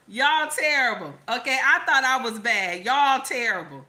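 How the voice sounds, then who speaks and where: A woman's voice: a little high, animated, measured pace, hardly any pauses. A woman hosting a live stream, reading the chat aloud in a sassy, teasing, chatty way. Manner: sassy, teasing, chatty with loud laughing outbursts.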